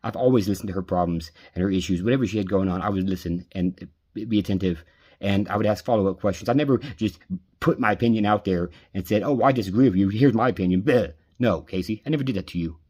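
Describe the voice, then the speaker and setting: Bitter, husky-voiced man ranting. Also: low-pitched, fast, darkish tone. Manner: bitter, aggrieved, profane. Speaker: vlogger venting. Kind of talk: angry personal rant.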